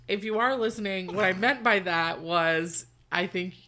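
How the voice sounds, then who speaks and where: A woman's voice: medium pitch, moderate pace, sharp tone. A woman co-hosting a podcast, talking in earnest, heartfelt casual chat. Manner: earnest, heartfelt, laughs easily. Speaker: podcast co-host.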